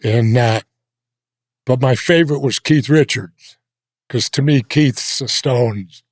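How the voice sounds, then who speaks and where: An older American man telling blunt, gruff stories in a sit-down interview. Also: medium pitch, takes it slowly, no echo, studio quality. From United States. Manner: gruff, blunt anecdotal storytelling. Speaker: interview guest. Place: indoor interview set.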